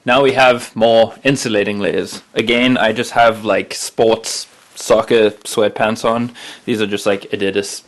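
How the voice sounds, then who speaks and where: A man's voice: on the low side, steady tone, measured pace. A young man from South Africa giving casual, upbeat winter hiking tips in a vlog, full of "like" fillers. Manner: chatty and upbeat, with many "like" fillers. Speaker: vlogger.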